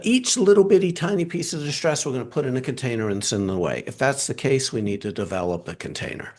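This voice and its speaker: A man leads a training session over a video call. His pitch rises and falls a great deal as he teaches, and he keeps posing quick questions to the group before answering them himself. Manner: animated, asks and answers his own questions.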